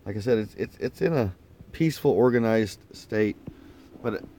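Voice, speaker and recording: A man with a fairly low, warm voice and lively intonation speaks at a moderate pace, with a little hiss or hum. On his morning live stream from an old camper van, this Oklahoma-twanged vlogger rambles casually into a propped-up phone and keeps restarting his words.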